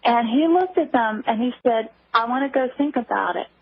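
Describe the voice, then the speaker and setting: A woman guest speaking on a phone line in a radio interview, halting, with many restarts. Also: fairly high pitch, lively intonation, slightly rough. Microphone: telephone. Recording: tinny phone line, dry.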